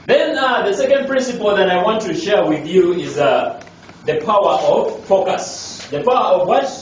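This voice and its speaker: Male life coach addressing trainees; emphatic, rhetorical, repetitive; somewhat high voice, recorded from a distance in a faintly noisy, echoey room. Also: expressive, normal speed. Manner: emphatic, repeats key lines, rhetorical questions. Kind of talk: motivational talk to a group.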